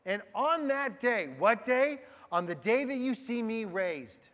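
A man preaching a sermon to a group of men in a conversational way, swinging between hushed low asides and loud, emphatic stresses. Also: expressive, measured pace. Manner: conversational, addresses the men in the room. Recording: long hall reverb.

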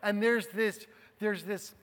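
Man, preacher, sermon, high voice, hushed asides and emphatic stresses, long hall echo. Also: steady tone, slow. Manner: conversational, addresses the men in the room.

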